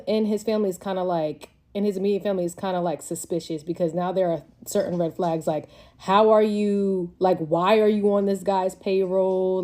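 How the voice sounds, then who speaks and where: A woman's voice: mid-range voice, warm tone. A pregnant young woman telling a personal story in casual story-time style, chatty and full of filler words. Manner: chatty, conversational, lots of "like" fillers.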